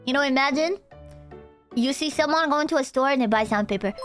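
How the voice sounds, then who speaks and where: A woman streamer chatting casually with her viewers, rambling and excitable, laughing often and saying "dude" a lot. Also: high-pitched, fairly quick. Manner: laughs often, trails off into restarts. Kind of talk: casual livestream chat with viewers. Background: faint background music.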